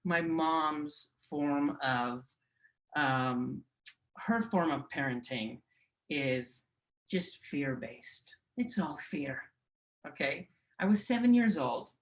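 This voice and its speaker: A woman's voice: deep voice, low-quality recording. Wry woman comic in her thirties. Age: 30s. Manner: wry, deadpan storytelling. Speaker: stand-up comedian. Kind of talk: stand-up comedy set.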